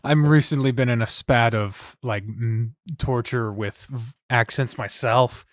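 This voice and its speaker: A man hosts a relaxed podcast roundtable, asking questions and thinking out loud. His voice sits at an ordinary pitch. It is recorded close and dry, with no room sound. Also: a little slow, no room sound. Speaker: podcast host. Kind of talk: casual roundtable chat.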